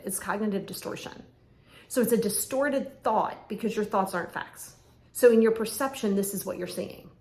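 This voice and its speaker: A woman hosting a podcast as a coach, talking directly and emphatically and acting out bits of dialogue. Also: medium pitch. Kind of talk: motivational monologue. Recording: echoey room with faint ambient noise. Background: faint ambience, lawnmower outside.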